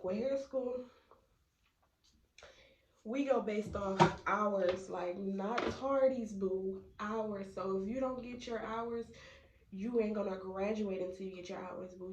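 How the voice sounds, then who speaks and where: Chatty young woman in an echoey room. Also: mid-range voice. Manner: chatty, filler-heavy, addresses viewers as y'all. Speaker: vlogger. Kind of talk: casual storytime. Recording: echoey room, mic at a distance, noisy.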